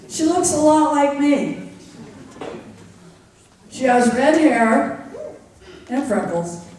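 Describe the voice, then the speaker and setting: A woman telling a story live on stage, deliberate and dryly wry, confiding in the audience. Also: high-pitched, a little mellow. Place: theater stage. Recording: echoey theater from far off.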